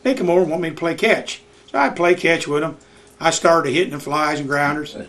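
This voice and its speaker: A man's voice: a little high, brisk, fairly bright tone. An older man telling folksy stories about coaching youth baseball, at home in his living room. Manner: folksy Southern storyteller, acts out voices in his anecdotes. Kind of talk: storytelling in a home visit.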